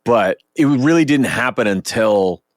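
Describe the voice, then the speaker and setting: A man in his thirties, from Oregon, hosting a podcast in animated, profane casual chat. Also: medium pitch, measured pace, no room sound, studio quality. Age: 30s. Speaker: podcast host and rapper.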